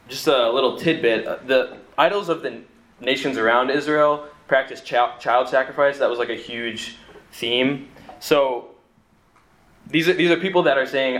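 Young man, twenties, seminary student preaching informally to a youth group; mid-pitched, chatty, lots of restarts, recorded with roomy echo. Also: a bit bright. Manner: conversational, frequent "like" and repeated restarts. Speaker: seminary student giving a talk. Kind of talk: casual sermon talk with scripture reading. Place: room with a group of listeners.

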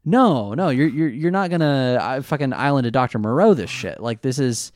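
A man co-hosting a podcast in casual chat, recapping an episode in a rambling, hesitant way and jumping up in pitch on excited questions. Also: moderate pace, dry recording, clean studio sound. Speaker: podcast co-host recapping an anime.

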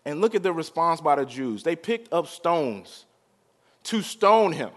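A male pastor preaching a sermon, drawing out the crowd with call-and-response and swinging from quiet to loud. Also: fairly high pitch, very animated, unhurried.

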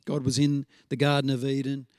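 A man preaching a sermon in a conversational storytelling way, slowing down to stress scripture references. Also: mid-range voice, monotone, a little mellow, dry recording, clean studio sound. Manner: conversational storytelling with frequent fillers and restarts.

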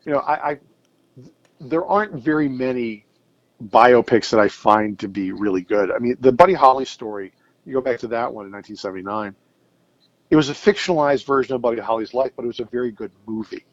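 A man's voice: mid-range voice, a little fast, no room sound, muffled recording. A middle-aged man talking casually as an interview guest about music, thoughtful and hesitant, with many fillers and restarts. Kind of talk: casual interview over a call.

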